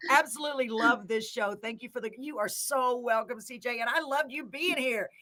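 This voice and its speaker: A woman's voice: fairly high pitch, moderate pace, pushed and bright. A middle-aged woman hosting a live show, effusive and chatty, laughing often. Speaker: host. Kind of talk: casual live show chat.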